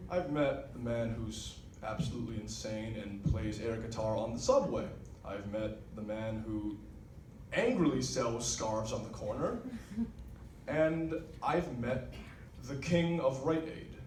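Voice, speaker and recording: A man's voice: medium pitch, expressive, takes it slowly, a little hiss or hum. A young man, a cabaret singer, telling a wry comic story between songs at a live venue. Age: young adult. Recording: echoey live room, far mic, loud piano.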